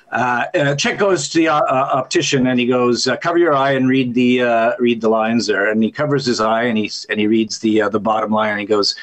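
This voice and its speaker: Husky joking man on a video call. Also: mid-range voice, fairly bright tone, low-quality recording. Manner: joking storyteller. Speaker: actor panelist. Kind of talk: casual panel chat.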